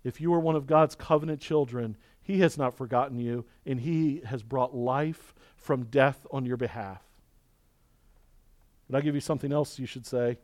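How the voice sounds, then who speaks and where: A man preaching a sermon, swinging from loud, high emphasis to quiet, confiding passages. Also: normal speed, no room sound. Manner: dynamic preaching, climbing loud and high then dropping to soft, intimate confession. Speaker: pastor.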